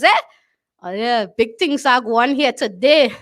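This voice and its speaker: High-voiced Trinidadian woman hosting a talk show. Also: lively intonation, measured pace, a bit bright. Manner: emphatic, repeats phrases, asks "you understand?". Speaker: show host.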